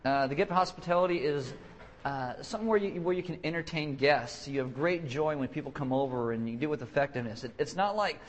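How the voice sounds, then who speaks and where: A young man preaching a casual, joking sermon who restarts his sentences and keeps acting out quick voices to make his point. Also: fairly high pitch, a little hiss or hum. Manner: joking, self-deprecating, acts out quick voices; halting restarts and repeated words. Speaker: pastor.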